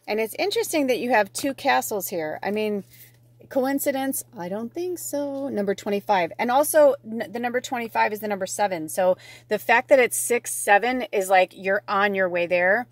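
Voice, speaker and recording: A woman's voice: medium pitch, brisk, no room sound. Chatty woman giving a dry card reading. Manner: chatty and gushing, with casual swearing; thinks aloud, with many fillers and restarts. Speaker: tarot and oracle card reader. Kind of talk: casual spiritual card reading to camera.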